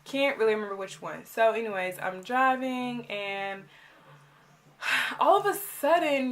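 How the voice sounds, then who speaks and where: A woman's voice: on the high side, expressive, measured pace, a bit bright. A young woman, animatedly retelling a personal story in a vlog. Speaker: vlogger.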